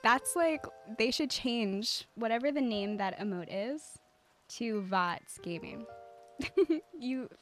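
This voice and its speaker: A woman with a slightly high voice chats with her stream viewers while playing a life-sim game. Her delivery is calm and cozy, loose and giggly, full of "like" and "um", with faint game music underneath. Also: takes it slowly. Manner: chatty, giggly, many filler words.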